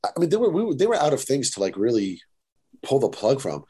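A man in a casual podcast chat telling an old school story with lots of energy. He laughs a lot and slips into quick voices for the people he quotes. His pitch jumps around as he goes. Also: wildly swooping pitch, mellow, breathy edge. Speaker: podcast guest.

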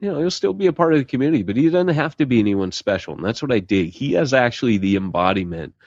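A man's voice: mid-range voice, animated, fast talker, darkish tone, breathy edge, no echo, dull audio. A man co-hosting a podcast in casual chat, rambling and laid-back with lots of fillers. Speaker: podcast co-host.

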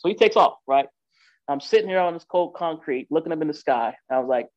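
A man's voice: a little high, expressive, quick pace. A man telling a personal story in a loose, conversational way, with lots of fillers and "right?" asides. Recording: dull lo-fi recording.

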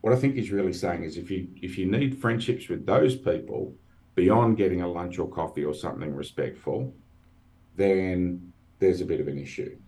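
Deep-voiced man hosting a podcast. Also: normal speed, dark tone. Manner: wry, self-deprecating, chatty. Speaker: podcast host. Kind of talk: casual podcast chat.

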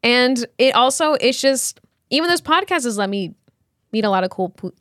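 A young woman in her twenties co-hosts a podcast in relaxed, casual chat. Her voice sits fairly high, and she tells stories with animated energy and frequent laughter. The recording is close and dry, with no room sound. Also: normal speed, no room sound. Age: 20s. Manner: animated storytelling, laughs often. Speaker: podcast co-host.

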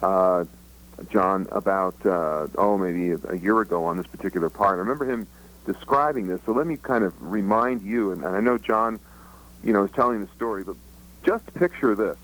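A man's voice: lowish voice, fairly bright tone, low-quality recording. Eager man jumping in with vivid retelling. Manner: quick, eager, jumps in with vivid scene-setting. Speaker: book co-author guest. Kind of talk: radio interview commentary.

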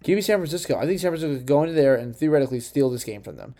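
Young male podcast host, mellow tone, rambling and profane, self-correcting, uneven home recording. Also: fairly high pitch, lively intonation, racing. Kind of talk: casual solo sports podcast.

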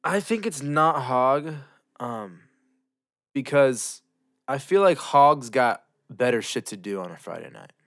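A man's voice: mid-range voice, lively intonation, slow, a bit bright. A man co-hosting a podcast, joking and swearing in casual banter. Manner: joking, swearing, laughs often. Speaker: podcast co-host.

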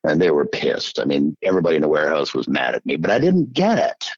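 A middle-aged man from Iowa telling his story as an interview guest in a folksy, animated way. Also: extremely low pitch, quick pace, slightly rough, no room sound, lo-fi sound. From Iowa, USA. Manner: animated, folksy, acts out quoted voices. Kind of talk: casual storytelling.

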